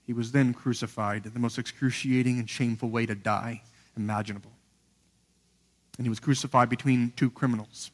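A man preaching a sermon earnestly, rising to emphatic peaks and sinking to hushed lows. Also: fairly even intonation, a little fast. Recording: long hall reverb.

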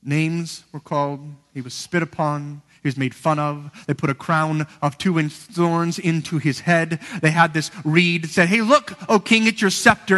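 A man preaching a sermon earnestly, rising to emphatic peaks and sinking to hushed lows. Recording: long hall reverb.

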